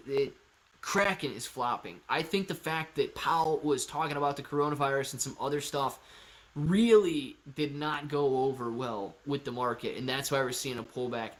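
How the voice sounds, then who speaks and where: A man hosting a live stream, answering viewer chat in a casual, energetic and hyped way, calling people man and dude. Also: medium pitch. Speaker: livestream host answering chat.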